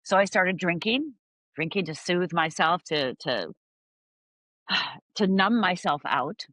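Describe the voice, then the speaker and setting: Telling her story as an interview guest, this middle-aged Upper Michigan woman vividly recreates each moment and performs the different voices. She speaks slowly with lively intonation, her voice low-leaning yet bright and sharp. It's recorded close and dry, with no echo but rough quality.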